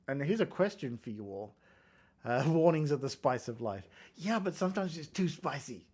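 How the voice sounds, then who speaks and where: A man's voice: mid-range voice, darkish tone. An English man hosting a casual live coding stream, chatting and joking about his code as he reads out viewer comments. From England. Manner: chatty, self-deprecating, reads out chat comments. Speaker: developer livestream host.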